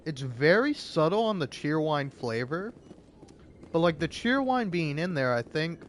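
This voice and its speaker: A man's voice: on the high side, big pitch swings, a little slow, a little hiss or hum. A young man in casual, rambling chat, stammering, repeating words and swearing offhandedly. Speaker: vlogger.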